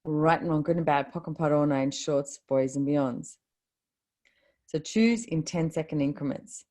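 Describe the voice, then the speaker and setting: A woman's voice: low voice, a little slow, mellow. A woman hosting a live video call, giving a chatty motivational talk with casual swearing. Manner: chatty, swears casually, quotes her own thoughts.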